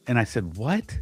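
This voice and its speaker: A man co-hosting a podcast, telling a frustrating story in casual chat, animated and exasperated, often restarting his sentences. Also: medium pitch. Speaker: podcast co-host.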